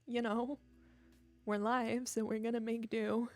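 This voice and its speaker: A woman's voice: a little high, little pitch movement, a little slow, no room sound, soft background music. A tired young woman streaming from home, chatting casually into a desk mic in a rambling, self-deprecating way. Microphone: desk microphone.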